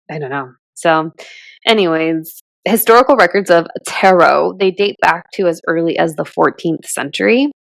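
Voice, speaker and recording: A woman's voice: on the low side, creaky, dry recording. A young woman from Southern California co-hosting a casual podcast, talking in a chatty way with lots of fillers and laughs. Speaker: podcast co-host. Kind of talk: casual chat.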